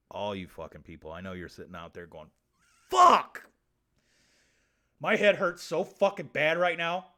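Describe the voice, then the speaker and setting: A man's voice: low voice, bright, forceful tone. A man hosting a comedy show, ranting crude facts and swearing constantly. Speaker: host. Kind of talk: profane comedic fact monologue.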